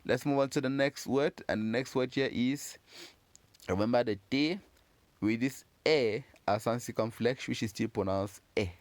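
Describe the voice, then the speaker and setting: A man giving a patient pronunciation lesson, slowly repeating words and encouraging learners. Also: medium pitch, no room sound. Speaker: French teacher.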